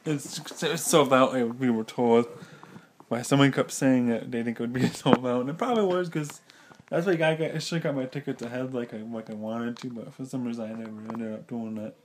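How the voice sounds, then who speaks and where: A chatty man rambles through a casual vlog, laughing often. His voice sits at an ordinary middle pitch. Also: a little hiss or hum. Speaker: vlogger.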